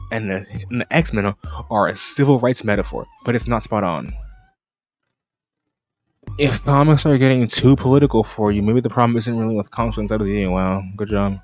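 A man's voice: medium pitch, fast, darkish tone, soft background music. Sarcastic young man swearing through reactions. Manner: sarcastic, rambling, swears often. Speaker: streamer reacting to comics. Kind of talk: casual profane reaction commentary.

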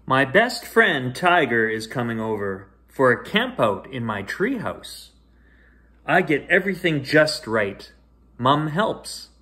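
Guy doing a slow bedtime story read-aloud, soft and expressive, medium voice. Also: medium pitch. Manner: gentle, expressive reading with sing-song rises and hushed drops. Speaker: storyteller reading to children.

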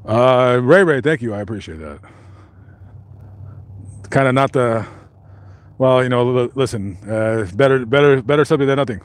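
A man's voice: medium pitch, moderate pace, pauses often, no room sound. A man hosting a live stream, reading out viewer comments and joking in a rambling way with many fillers and restarts.

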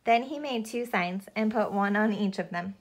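A woman reading a children's picture book aloud at home, as if to a child sitting beside her. Her storytime delivery is gentle and unhurried, with the odd slip and self-correction. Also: mid-range voice.

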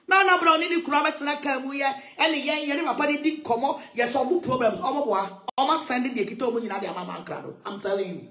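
A woman ranting loudly in a heated monologue, switching between English and Twi, with shouting and sing-song outbursts. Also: high voice, animated, fairly quick, roomy sound, soft background music. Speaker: social media commentator.

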